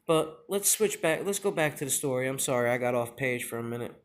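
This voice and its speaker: A young father telling a personal story in a confessional vlog, emotional and halting, with many pauses and fillers. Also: medium pitch, animated. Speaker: father sharing his injury story.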